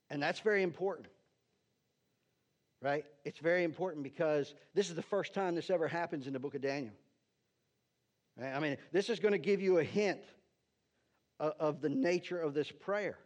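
A man's voice: fairly high pitch, a little mellow. Man teaching a sermon, dull lo-fi sound. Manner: conversational, keeps asking "right?"; talks to the slide operator between points. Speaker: pastor.

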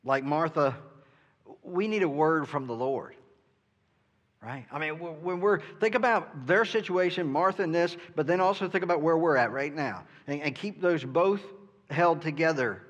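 Male pastor, somewhat high voice, earnest sermon delivery with many "right?" checks, long hall reverb. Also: normal speed, a bit bright, highs cut off. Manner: earnest, asks "right?" often, stumbles over starts.

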